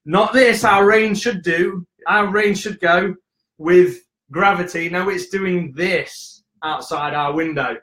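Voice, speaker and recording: A young man from the UK chatting casually and hyperactively on a live stream, joking and telling quick stories. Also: high-pitched, fairly bright tone, roomy sound. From United Kingdom. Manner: hyper, jokey, quick storytelling with acted voices. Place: indoor room at home.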